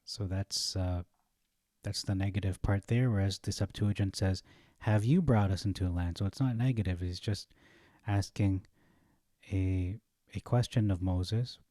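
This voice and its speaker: A man with a low, mellow voice works through scripture verse by verse. He thinks aloud, stops on fillers and corrects himself as he goes. The recording is close and dry. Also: measured pace, no room sound. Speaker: Bible study teacher. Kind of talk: reading and commenting on scripture.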